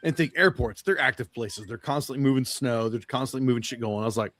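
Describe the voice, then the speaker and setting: A man's voice: mid-range voice, fast talker, fairly bright tone. A man telling a profane, rambling travel story on a podcast, acting out the people he met. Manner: profane, rambling anecdote with quoted dialogue. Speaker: podcast guest or co-host.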